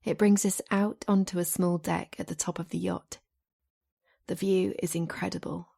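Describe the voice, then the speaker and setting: Woman, romance audiobook narration, expressive, mellow, husky. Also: on the low side, normal speed.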